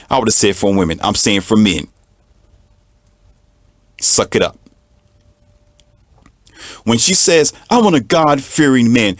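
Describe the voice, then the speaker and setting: Man, low voice, dry close sound, preachy monologue, emphatic repetition. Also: no room sound. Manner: preachy, emphatic, repeats for effect; mocks others in a high mincing voice. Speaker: commentator. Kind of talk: monologue to the camera.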